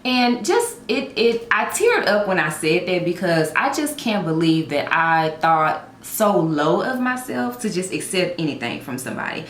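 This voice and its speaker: A woman's voice: low-pitched, lively intonation, unhurried, reverberant, slight background noise. A woman telling a personal story in a heartfelt vlog, speaking earnestly and encouraging her viewers with emphatic repetition. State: tearful at times. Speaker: vlogger.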